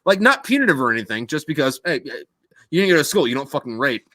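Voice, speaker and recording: Podcast host, male, bright animated delivery, profane rambling storyteller. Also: a little high, fast, dry recording. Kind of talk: casual storytelling.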